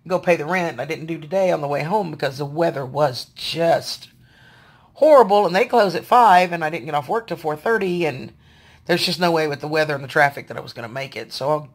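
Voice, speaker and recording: A woman, venting to her viewers in a casual video diary, sounding tired and frustrated. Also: deep voice. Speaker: vlogger.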